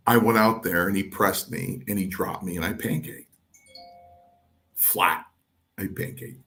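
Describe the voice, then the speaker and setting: A man's voice: low voice, a little slow, pauses often. An older man, a former pro wrestler, telling stories in an interview and animatedly acting out what others said. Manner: animated anecdote-telling, voicing others in quotes. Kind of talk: storytelling in an interview.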